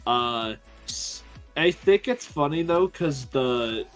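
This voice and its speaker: A man in a casual podcast-style chat, calmly explaining bits of trivia with some hesitation. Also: medium pitch, takes it slowly, soft background music. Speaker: podcast guest.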